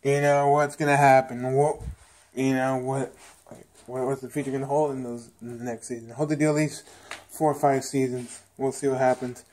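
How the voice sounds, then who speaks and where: Reviewing a TV episode for his viewers, a man gives a casual, rambling recap, repeating himself a lot and performing the characters' lines. He has a medium-pitched, slightly mellow voice with a flat delivery at normal speed.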